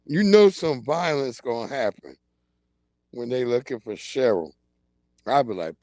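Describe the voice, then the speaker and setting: A man hosting a livestream, chatting in a casual comedic way, laughing often and acting out loud yelled quotes. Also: medium pitch, lively intonation, unhurried, long pauses, no room sound. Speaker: livestream host.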